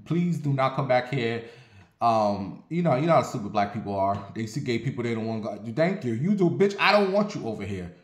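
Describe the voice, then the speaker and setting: A man from Ohio telling a casual story in an animated, profane, dramatic way. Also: medium pitch, fairly quick. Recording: roomy echo.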